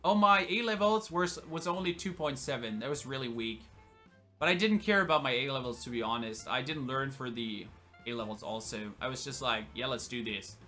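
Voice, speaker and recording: This young German-accented man answers viewers' questions on a casual livestream, chatty and joking with lots of laughter. His mid-range voice is expressive, bright and forceful, a little fast, with faint music in the background.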